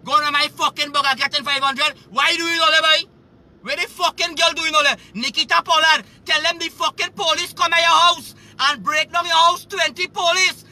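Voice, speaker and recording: A Trinidadian man delivering an agitated, profane, repetitive rant on a live stream, often shouting. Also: very high voice, steady tone, normal speed. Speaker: livestreamer.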